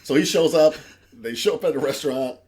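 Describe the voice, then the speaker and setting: A man co-hosting a podcast in casual chat, animatedly retelling a TV episode and acting out the lines. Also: fairly high pitch. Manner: fast, animated retelling with quoted lines and laughs. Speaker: podcast co-host. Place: studio.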